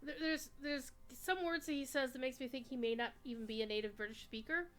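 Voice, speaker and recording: A woman livestreaming a game, chatting in a rambling way with sudden excited outbursts. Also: sits high, fairly quick. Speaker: livestreaming gamer. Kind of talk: casual chat while playing a game.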